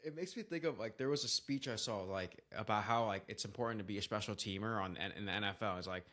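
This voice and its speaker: A man's voice: lowish voice, quick pace, pushed and bright. Thoughtful rambling male co-host. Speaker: podcast co-host. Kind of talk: casual podcast chat.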